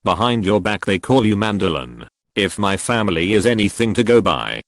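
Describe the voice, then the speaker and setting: A man reads online posts aloud in a fairly low voice. His pitch rises and falls a lot as he moves from one post to the next. The sound is close and dry, with no room around it. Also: very animated, moderate pace, dry recording. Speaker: narrator of forum posts. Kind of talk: scripted narration of online posts.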